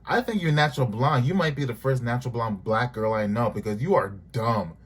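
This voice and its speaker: A man's voice: medium pitch, steady tone, a little fast, slightly rough. A man giving a casual, blunt and sassy recap of a reality TV episode, cursing freely. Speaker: TV show reviewer.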